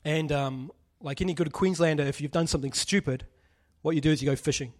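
A man's voice: on the high side, fast talker. A man preaching a casual sermon, joking and putting questions to the congregation. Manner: chatty, jokey, asks the audience questions.

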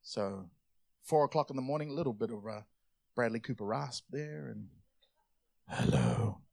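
A man preaching a sermon, lively and conversational, dropping soft then rising loud, acting out voices in his stories. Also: medium pitch, fast, vocal fry, no echo, studio quality. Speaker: pastor.

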